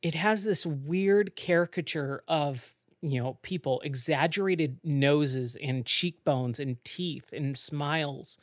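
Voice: medium pitch, slow pace, hardly any pauses, no echo, studio quality. A podcast host talking casually on their own, rambling with lots of fillers and self-corrections. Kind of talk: casual solo podcast talk.

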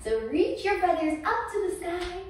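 A mother leading a toddler yoga class, talking gently in a sing-song way to a small child. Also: very high-pitched, sing-song, normal speed, background noise. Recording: echoey room, far from the mic.

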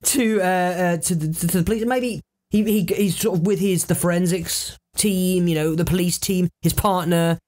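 A man's voice: high-pitched, steady tone, moderate pace, few pauses, darkish tone. A man co-hosting a podcast, brainstorming in loose, swearing, laugh-filled chat. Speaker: podcast co-host. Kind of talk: casual improvised brainstorming chat.

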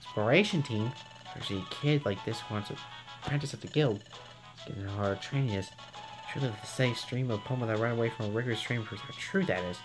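A man voicing a fussy, bossy male parrot who assists a guildmaster, in a squeaky, high, prim voice. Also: quick pace, music in the background, lightly acted, poor audio. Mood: scornful.

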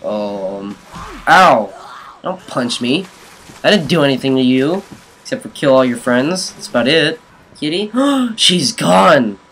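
Excitable young man playing a zombie game. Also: medium pitch, a little slow, poor audio. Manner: excitable, yelling at enemies, jokey asides. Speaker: gaming YouTuber. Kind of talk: let's play commentary.

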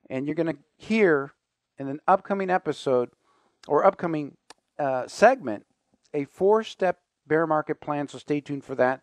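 A man's voice: a little high, expressive, moderate pace, no room sound. A man hosting a finance radio show, talking casually and conversationally with fillers and asides.

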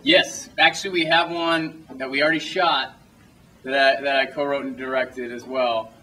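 In a cinema auditorium before a small audience, a young male filmmaker answers questions after his film is shown. He speaks at normal speed in a sharp, mid-range voice with fairly even intonation, rambling through loose stories, restarting sentences, cutting himself off and laughing a lot. A distant mic gives a rough recording.

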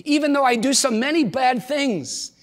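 A man's voice: very high-pitched, normal speed, big-room sound. A man preaching a sermon, earnestly asking his congregation rhetorical questions. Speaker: pastor. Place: church.

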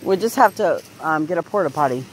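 A woman's voice: deep voice, animated, a little fast, a little hiss or hum. An older woman chatting casually outdoors by a creek and calling out to her dog, recorded on a handheld camera. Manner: chatty, laughs often, calls out to her dog. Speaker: vlog host, dog owner. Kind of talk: casual outdoor vlog chat.

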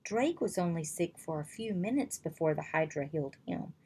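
A woman reading aloud, voicing a calm, wise man who mentors young dragon masters in a storybook. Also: deep voice, moderate pace, husky, full character voice. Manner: calm, reassuring instruction.

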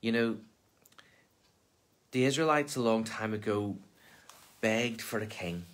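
Church guy w a lowish voice reading scripture for lent then chatting thru what it means. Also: slow. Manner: reads scripture aloud, then explains it in plain chatty talk. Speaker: minister. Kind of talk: Lent Bible reading and reflection.

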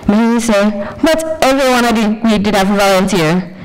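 A woman's voice: medium pitch, expressive, pitched above the performer's own voice, natural voice, rough recording. A woman voicing her own sassy, blunt inner voice in a Jamaican patois accent. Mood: defiant. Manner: brash, teasing, quick retorts.

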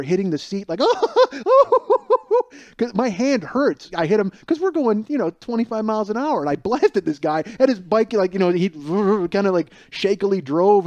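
A man's voice: high-pitched, warm tone, no room sound. A man in his forties, a podcast host, rambling through profane stories with many restarts and laughs. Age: 40s. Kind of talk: casual storytelling monologue.

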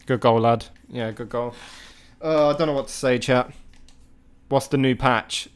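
A man's voice: medium pitch, steady tone, measured pace, clear, resonant tone. Exasperated man commentating a game. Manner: exasperated, swearing, exclamatory outbursts. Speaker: gaming video creator. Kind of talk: live gameplay commentary to chat.

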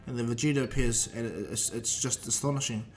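A man's voice: mid-range voice, fast, a little hiss or hum. Man casually retelling a fan story. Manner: loose retelling with fillers and restarts. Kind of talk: casual fan-fiction narration.

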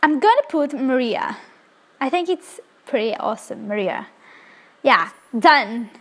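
A young woman of Korean native tongue, hosting a life-sim let's play with excitable, gushing commentary full of fillers. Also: high-pitched, measured pace. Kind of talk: casual gameplay commentary.

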